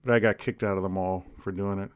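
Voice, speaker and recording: A man co-hosting a podcast, cracking deadpan jokes in casual rambling chat. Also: deep voice, fast talker. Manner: deadpan jokey, rambling with restarts. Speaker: podcast co-host.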